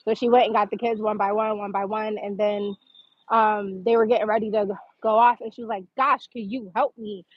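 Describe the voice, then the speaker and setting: A livestream host with a medium-pitched, fairly flat voice tells a personal story at a brisk clip. She's chatty and casual, leaning heavily on "like" as a filler. The recording is muffled with no room sound.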